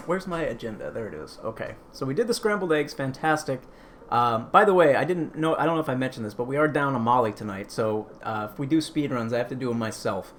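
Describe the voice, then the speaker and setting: A man's voice: mid-range voice, fairly bright tone, a little hiss or hum. A man hosting a casual cooking live stream, chatty and rambling as he answers chat.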